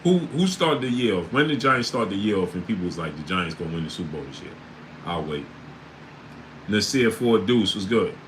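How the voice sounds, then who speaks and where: A man hosting a casual sports livestream, reading out chat names and breaking into loud disbelief. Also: low-pitched, expressive, brisk, slight background noise, poor audio.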